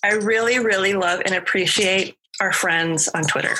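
A woman's voice: mid-range voice, moderate pace, pushed and bright, slightly rough. A woman hosting a podcast, chatting casually and upbeat with her co-host.

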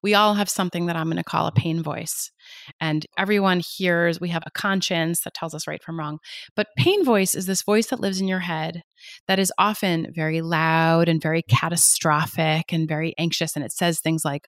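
A woman guest on a podcast, a pain psychologist explaining ideas in an energetic, emphatic way with lots of rhetorical questions. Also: lowish voice, normal speed, no room sound, studio quality.

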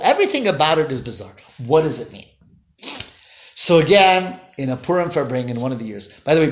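A man teaching a Torah class to a small group, telling stories in an animated way with voiced quotes and Hebrew phrases. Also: fairly high pitch. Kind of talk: informal class storytelling. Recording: echoey room.

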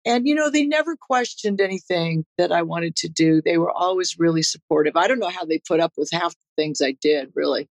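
A woman's voice: fairly low pitch, fairly quick, hardly any pauses, dry recording, rough recording. Laid-back woman guest, laughing easily. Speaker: guest, rock musician. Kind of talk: casual interview chat.

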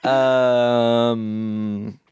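A man's voice: mid-range voice, flat delivery, extremely slow, a little mellow, smooth, no echo. A man co-hosting a comedy advice podcast, chatting casually, laughing and teasing playfully. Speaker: podcast co-host.

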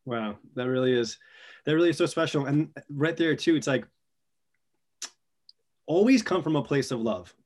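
A man hosting a podcast, asking questions and reflecting in a relaxed, encouraging way with loose phrasing. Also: fairly high pitch, moderate pace, long pauses. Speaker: podcast host. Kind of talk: casual interview conversation.

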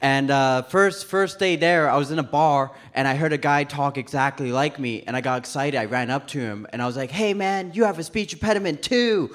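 A man's voice: mid-range voice, fairly quick, few pauses, fairly bright tone. A man in his twenties doing stand-up on a live stage, talking with a speech impediment that blurs some sounds and laughing at himself between lines. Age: 20s. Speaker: stand-up comedian. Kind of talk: stand-up comedy set.

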